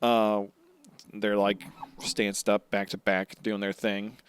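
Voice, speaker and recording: A man's voice: lowish voice, little pitch movement, takes it slowly, a little hiss or hum. A man co-hosting a podcast, casually recapping anime episodes in a loose, rambling way full of filler words. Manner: laid-back, rambling retelling with filler words. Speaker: podcast co-host.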